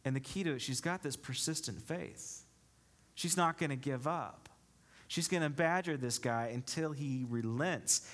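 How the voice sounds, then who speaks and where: A man's voice: on the high side, fairly bright tone. Man preaching a sermon, questioning the room. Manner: reads scripture aloud, then explains it with rhetorical questions. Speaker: pastor. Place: church.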